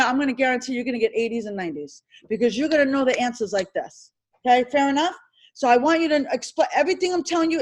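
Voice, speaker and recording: High-voiced woman teaching a licensing class. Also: low-quality recording. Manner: animated, repetitive drilling, quizzing students. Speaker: insurance licensing instructor. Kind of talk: classroom lecture.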